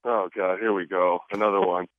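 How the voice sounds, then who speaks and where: This football player, low-voiced and brisk, keeps a casual radio interview lively with jokes and acted-out quotes. There's no echo, though the phone line sounds tinny.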